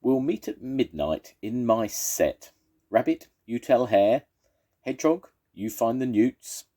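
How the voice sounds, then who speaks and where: A man's voice: medium pitch, animated, slow, warm tone, pitched above the performer's own voice. A man voicing a worried, gloomy male badger who organizes the other animals in a storybook reading. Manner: gloomy, head-shaking worry.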